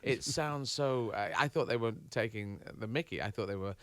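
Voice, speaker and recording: A man's voice: lowish voice, moderate pace, fairly bright tone, smooth, no room sound. A man with a British accent, a guest on a radio talk show, chatting in a rambling, jokey way and often breaking off mid-sentence. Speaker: guest comedian. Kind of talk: casual radio interview.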